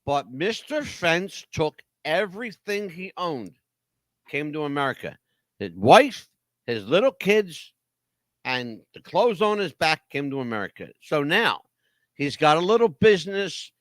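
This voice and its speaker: A man's voice: on the high side, sing-song, a little slow, a bit bright, no room sound, studio quality. A man hosting talk radio, telling a story dramatically with rhetorical questions. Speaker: radio host.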